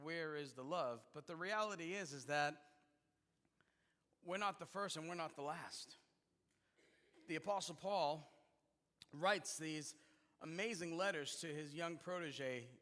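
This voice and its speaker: Preaching in a church sanctuary, this man mixes jokes into a chatty sermon, stumbling through fillers and restarts. His pitch is fairly high and his tone pushed and bright, carried by the long reverb of the hall.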